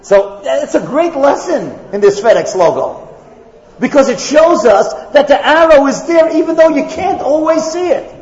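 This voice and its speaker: Male rabbi preaching to an audience, high-pitched and very animated, acts out his stories, recorded dull and lo-fi in a reverberant hall. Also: normal speed. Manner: animated storyteller, acts out characters in the story, jokes. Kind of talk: lively sermon to a live audience. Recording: echoey hall, dull lo-fi sound.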